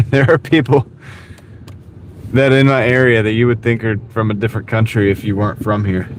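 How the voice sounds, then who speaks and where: A rambling, easygoing Southern man, a gig delivery driver, live-streams from his car at night, self-deprecating and talking to chat. His medium-pitched voice is steady at a moderate pace, picked up by a wireless clip-on mic along with audible car and road noise.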